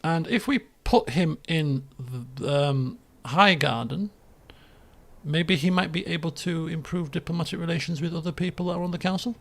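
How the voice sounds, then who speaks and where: A man giving casual gameplay commentary, rambling with lots of fillers and the odd excited outburst. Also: on the high side, normal speed, vocal fry. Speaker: let's play gamer.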